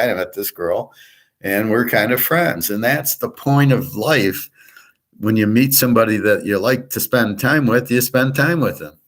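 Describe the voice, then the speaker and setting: A middle-aged man with a somewhat low voice delivers a rambling personal monologue. He talks bluntly and with frustration, swears freely, and stumbles through frequent restarts. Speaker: channel host.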